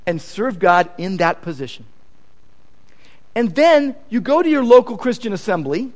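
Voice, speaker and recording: A man preaches a sermon in a fairly high voice that swoops up and down. He repeats key points for emphasis and acts out the conversations he quotes. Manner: emphatic repetition. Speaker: pastor.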